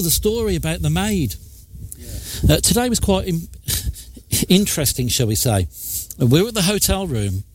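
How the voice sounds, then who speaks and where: A man hosting a live radio show, telling a jokey story in a chatty, animated way. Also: a little high, a little hiss or hum. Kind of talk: casual radio chat. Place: radio studio.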